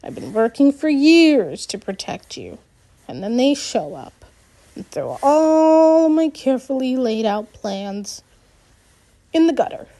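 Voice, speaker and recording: A woman voicing a middle-aged father who reads minds, speaking in a steady, explaining way. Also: high voice, slow, full character voice. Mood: calm. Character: middle-aged mind-reading father, calm and insistent.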